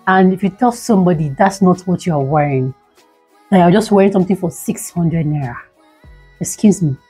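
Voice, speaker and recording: A woman's voice: lowish voice, dark tone, slightly rough, rough recording. A young Nigerian woman in a product review vlog, talking dramatically and gushing, pleading again and again, sitting indoors by a window. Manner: dramatic and gushing, repeats pleas. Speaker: beauty vlogger.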